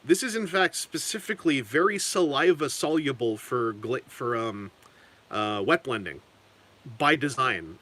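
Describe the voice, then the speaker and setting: A man's voice: medium pitch, pushed and bright. A man casually chatting on a live stream while painting miniatures, rambling and correcting himself with chuckling asides.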